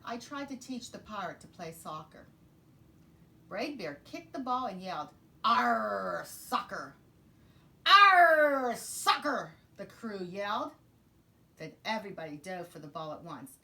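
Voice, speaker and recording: A woman teacher reading a children's picture book aloud in an expressive, sing-song way. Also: lowish voice, normal speed. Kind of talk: children's storybook read-aloud.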